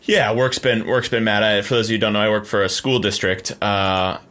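Male podcast co-host, home office studio, low-ish bright voice, casual and chatty. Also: level tone, brisk. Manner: friendly, chatty, with many fillers.

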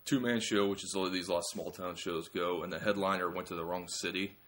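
Deep-voiced man telling rowdy stories. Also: fairly even intonation, fairly bright tone. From small-town Ohio. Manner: rambling, self-mocking, quick acted-out quotes. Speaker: comedian guest. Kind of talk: casual podcast storytelling.

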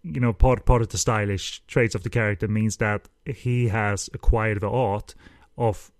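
A man co-hosting a casual film discussion, speaking haltingly with many "uh" fillers and dry, understated humor. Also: fairly low pitch, steady tone, dry recording. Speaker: podcast co-host, film reviewer.

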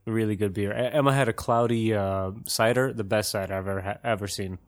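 A man visiting a podcast as a guest, telling an animated anecdote in casual chat and laughing often. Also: on the low side, a little fast.

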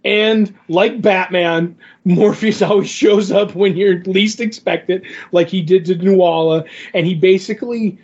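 Husky high-voiced enthusiastic man. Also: fairly even intonation, measured pace, few pauses, dull audio. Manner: enthusiastic, retells scenes with quoted dialogue. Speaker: podcast co-host. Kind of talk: casual comic book discussion.

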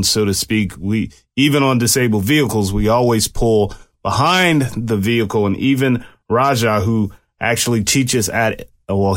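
Male commentator with police background, lowish voice, talky and explanatory. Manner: conversational, explanatory, with restarts. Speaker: commentator and former police officer. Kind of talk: casual commentary on a case.

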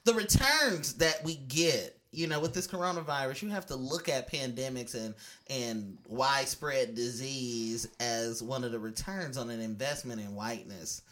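Young male co-host, bright tone, laid-back joking delivery that turns earnest. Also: medium pitch, moderate pace. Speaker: podcast co-host. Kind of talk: casual podcast chat.

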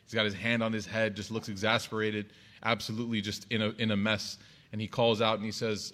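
A man's voice: lowish voice, little pitch movement, fairly quick, pushed and bright. A man telling a religious story in a loose, conversational lesson, with many casual fillers, speaking from home. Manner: conversational, loose, lots of "you know" and "like". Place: at home with his child nearby.

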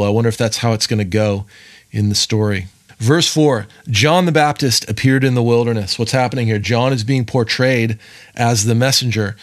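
Man teaching the Bible casually. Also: mid-range voice. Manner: conversational, explains step by step with asides and "right?". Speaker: Bible teaching podcast host.

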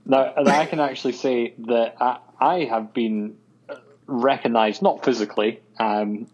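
A man's voice: mid-range voice, fairly even intonation, measured pace, a little mellow, muffled recording. A Scottish man chatting as a guest on a podcast, hesitant and full of fillers. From Scotland. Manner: hesitant, full of ums and uhs. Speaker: guest, web designer. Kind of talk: casual podcast chat.

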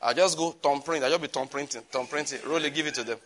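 A man, preaching a sermon as a pastor, emphatic and animated, with repetitions and sudden asides. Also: on the high side, quick pace.

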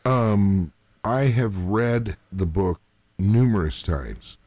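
A man co-hosting a book podcast, with measured, dry humor. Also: fairly low pitch, expressive, warm tone, no echo, lo-fi sound. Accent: American. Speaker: podcast co-host. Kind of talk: casual book-club chat.

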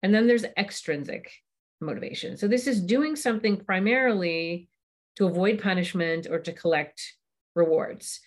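A woman's voice: mid-range voice, normal speed. A woman hosting a parenting podcast, explaining ideas in a conversational way with frequent ums and uhs. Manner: warm explanatory, frequent fillers.

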